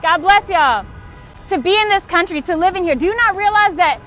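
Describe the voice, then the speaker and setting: A woman's voice: very high voice, expressive, fairly quick, fairly bright tone. A young woman livestreaming outdoors on a city street, making frustrated, tired, urgent and repetitive calls to action. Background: faint passing traffic and honking.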